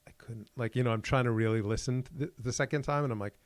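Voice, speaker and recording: A man's voice: medium pitch, quick pace. A middle-aged man co-hosting a podcast, telling stories casually and acting out little exchanges. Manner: animated storyteller, acts out exchanges. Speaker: podcast co-host.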